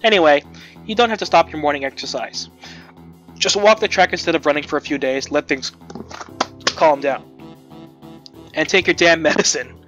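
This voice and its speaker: Guy reading as a joking school nurse, teasing but kind, bit higher voice, dull lo-fi sound with faint music. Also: moderate pace, long pauses, a bit bright, lightly acted. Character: friendly young male school nurse, teasing.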